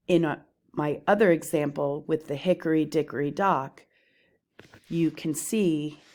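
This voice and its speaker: A woman teacher talking through lecture slides on poetry, explaining terms in a slow, deliberate way. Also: low-pitched, a little mellow.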